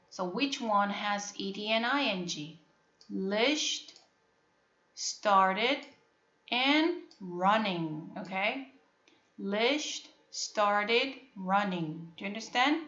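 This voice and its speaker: A woman with a Korean accent, a native Korean speaker, teaching an English phonics lesson to a class, repeating words slowly and checking that students understand. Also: medium pitch, animated, bright, forceful tone. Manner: repetitive, drills words and asks if students understand. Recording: echoey classroom, dull lo-fi sound.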